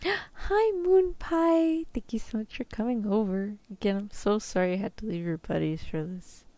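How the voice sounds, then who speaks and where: A woman voicing a sick young human woman talking softly to her vampire boyfriend, in a whispered role-play. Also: medium pitch, normal speed, no echo, close to an everyday voice. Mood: tired, affectionate. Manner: soft, apologetic, affectionate. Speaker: vtuber.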